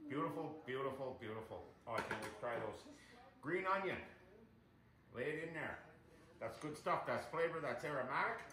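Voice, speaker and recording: With lively intonation, a medium pitch and a moderate pace, the cooking show host chats through a casual demonstration in his home kitchen, calling his audience "you guys." A crowd can be heard behind him, and the echoey kitchen rings with loud sizzling.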